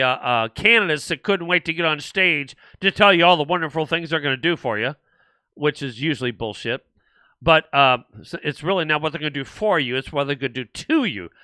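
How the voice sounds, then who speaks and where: An older man with a high, pushed and bright voice hosts a political livestream with no echo. Answering viewer comments, he rambles indignantly and frequently restarts his sentences.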